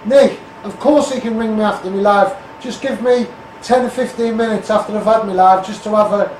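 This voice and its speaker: A man's voice: high-pitched, fairly even intonation, brisk, a little mellow, echoey room, far from the mic, a little hiss or hum, low-quality recording. A man with a Scouse accent from the Liverpool area, ranting bluntly on a phone live stream and calling everyone mate. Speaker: Facebook Live campaigner.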